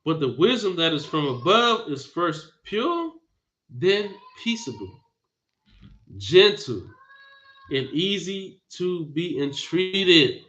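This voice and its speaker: Male preacher, emphatic, scolding, high-ish forceful voice, dull lo-fi recording. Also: big pitch swings, slow. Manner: emphatic, repeats phrases, scolding. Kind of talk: bible teaching sermon.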